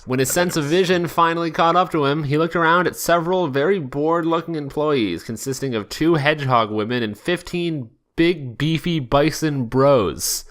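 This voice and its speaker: A man's voice: fairly high pitch, moderate pace, few pauses, a bit bright. A man hosting a podcast, doing a wry comic reading of fan fiction aloud. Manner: wry, breaks into laughter.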